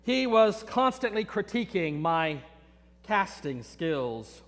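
A man's voice: sits high, sing-song, takes it slowly, long reverb tail. A man preaching a sermon, telling stories in an earnest way and often repeating his words. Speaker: pastor.

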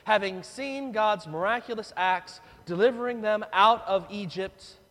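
A man's voice: high-pitched, a little slow, fairly bright tone. A man preaching a sermon, telling the story dramatically and acting out the voices of the people. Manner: dramatic, acts out voices of the crowd. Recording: long reverb of a large hall.

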